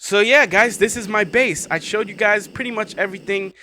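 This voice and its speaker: A man's voice: sits high, fairly quick, sharp tone. A young man hosting his own gameplay channel, chatting casually in slang and reacting with disbelief. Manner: incredulous, slangy, cursing. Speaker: gaming channel host.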